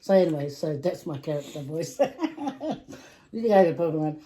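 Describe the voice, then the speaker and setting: A woman's voice: low-pitched, very animated, moderate pace, a little hiss or hum, rough recording. A woman hosting her own eating vlog, chatting casually and giggling as she talks. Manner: chatty and giggly, trails off into soft asides. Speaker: vlog host and mother. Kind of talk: casual chat while eating.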